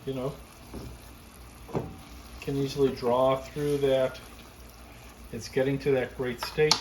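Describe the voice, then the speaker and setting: A man hosting a casual cooking demonstration, explaining each step in a relaxed, chatty way from his home kitchen. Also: mid-range voice, takes it slowly, a little hiss or hum, rough recording. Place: backyard garden, then home kitchen.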